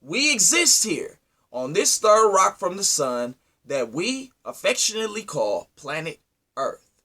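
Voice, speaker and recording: A man delivering an impassioned, preachy monologue, firing rhetorical questions at his listeners and swinging from loud to low. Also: sing-song, a little slow. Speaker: speaker addressing his community.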